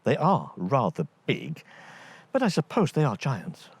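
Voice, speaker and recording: A man's voice: medium pitch, wildly swooping pitch, unhurried, gravelly, slightly rough, no echo, voice pushed up, heavily acted. A man voicing a small, cunning, boastful male tailor in a storybook tale. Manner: boastful, chirpy.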